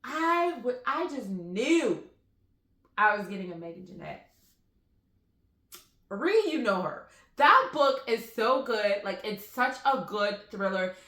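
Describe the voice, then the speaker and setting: Chatty woman with a bright voice. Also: a little high, slow, pauses often. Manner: rambling, animated storytelling with frequent fillers. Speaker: book vlogger. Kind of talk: casual chatty book haul vlog. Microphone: phone. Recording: roomy echoey room.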